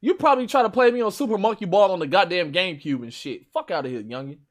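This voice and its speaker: A man with a Chicago accent, hosting a stream with loud, profane, boastful trash talk about games. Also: high voice, animated, fast talker. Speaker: stream host. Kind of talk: casual gaming chat.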